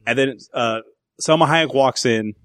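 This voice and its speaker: A man's voice: medium pitch, measured pace, fairly bright tone, dry recording, clean studio sound. A man in his thirties co-hosting a podcast, casually and profanely retelling movie scenes. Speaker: podcast co-host. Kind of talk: casual movie review chat.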